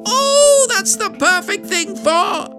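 A woman's voice: extremely high pitch, expressive, slow, pitched above the performer's own voice, full character voice. A tiny awestruck fish squeals in breathless bursts, its voice leaping far up and sounding thin and unlike an ordinary speaker, as a woman storyteller puts it on. Faint music plays underneath. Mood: awed. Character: excitable little fish, squealing.

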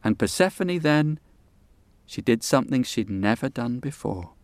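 A man telling a folk tale with unhurried, dramatic pauses and folksy asides, over guitar music. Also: medium pitch, expressive, no room sound. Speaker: storyteller. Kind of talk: oral storytelling.

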